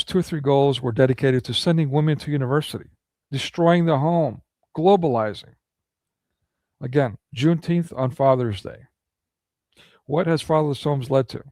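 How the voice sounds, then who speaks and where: Gravelly man ranting indignantly. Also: mid-range voice, a little mellow, dry recording. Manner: indignant, full of rhetorical questions. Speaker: political commentary vlogger. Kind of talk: ranting monologue commentary.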